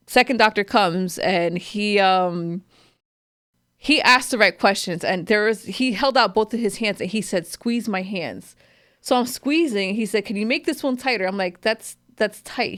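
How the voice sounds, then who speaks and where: A woman's voice: medium pitch, no echo, studio quality. Candid thirties woman telling a story. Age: 30s. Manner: candid and animated, swears freely, acts out other people's lines. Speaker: podcast host. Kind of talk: casual storytelling chat.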